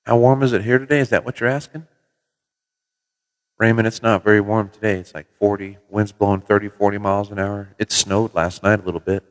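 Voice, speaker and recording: A middle-aged man from Minnesota hosting a casual livestream from his CB radio shop, telling relaxed folksy stories with mild swearing. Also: fairly low pitch, a little fast, big-room sound. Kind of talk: casual livestream chat with viewers. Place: CB radio shop in New Mexico.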